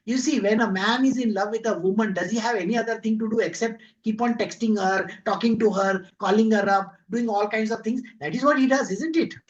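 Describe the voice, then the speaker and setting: A man's voice: high voice, fairly quick, few pauses. Male spiritual teacher, conversational devotional talk, lo-fi recording. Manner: conversational, full of rhetorical questions and acted-out quotes.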